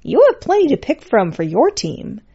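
A bright, high-pitched young heroine who chats playfully and boldly to fire and foes alike, as a woman reader puts her on. The recording sounds slightly dull and lo-fi. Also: huge pitch swings, moderate pace, gravelly, breathy edge, full character voice. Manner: chatty, playful, cheeky. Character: plucky young woman cook, wry and bold.

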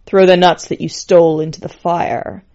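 A knowing, grinning talking skull from a spoken storybook, teasing and a little louder than the telling around it, as a woman narrator puts it on. The recording is slightly muffled. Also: fairly low pitch, level tone, normal speed, close to an everyday voice. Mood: sly. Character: talking skull, knowing and sly, genderless thing.

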